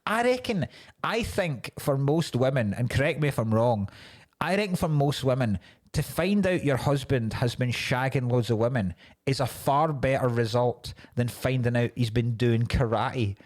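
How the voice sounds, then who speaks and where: A man co-hosting a comedy podcast, delivering jokes in a deadpan, sweary way. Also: medium pitch, normal speed. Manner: deadpan joke-telling, sweary. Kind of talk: casual comedy chat.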